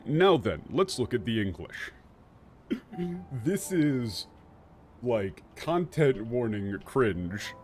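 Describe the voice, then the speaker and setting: A man's voice: mid-range voice, very animated, slow, pauses often, a little mellow, faint music behind. Irreverent, swearing male game streamer. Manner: irreverent, sarcastic, swears, laughs often. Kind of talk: casual game commentary.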